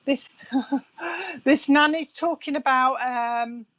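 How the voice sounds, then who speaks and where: A woman's voice: high voice, slow pace, fairly bright tone, highs cut off. A woman who works as a psychic medium, giving a live reading. She chats away, passes on messages to viewers by name and laughs often.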